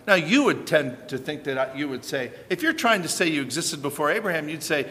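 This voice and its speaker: A man preaches a sermon in a bright, forceful, slightly high voice, animated and pressing his points with emphatic rhetorical questions. He moves briskly with hardly any pauses, and a large hall's long reverb trails each phrase.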